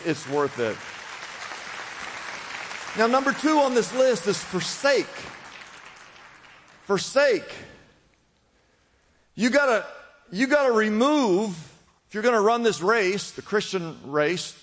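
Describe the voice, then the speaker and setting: A man's voice: high-pitched, fairly bright tone. A man preaching a sermon in a church, urging his listeners on with repeated phrases. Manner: preaching with rising urgency and repetition. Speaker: pastor. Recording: long hall reverb.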